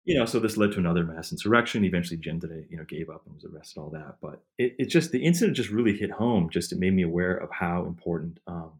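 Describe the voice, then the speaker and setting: A man's voice: low voice, expressive, quick pace, few pauses. A man being interviewed as a historian, recounting his research in a rambling, conversational way full of fillers and restarts. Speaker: historian and author, interview guest. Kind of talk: casual conversational storytelling.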